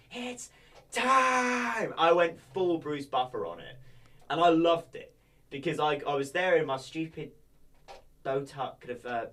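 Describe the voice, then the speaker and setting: A young man from England, a podcast guest chatting casually, jokey and deliberately high-energy. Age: young adult. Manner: animated, jokey, amps up his energy.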